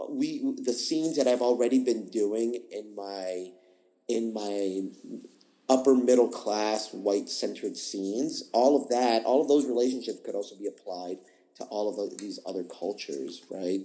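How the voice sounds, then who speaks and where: A man's voice: fairly low pitch, steady tone, measured pace, warm tone, low-quality recording. A man, an improv teacher, answering interview questions in a thoughtful, explanatory way, often restarting and repeating words. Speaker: improv teacher, podcast guest.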